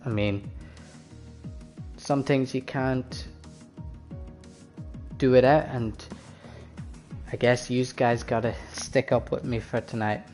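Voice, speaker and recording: A man's voice: mid-range voice, a little mellow. A man hosting a sim racing league stream on his own, chatting casually with viewers and drivers before the race.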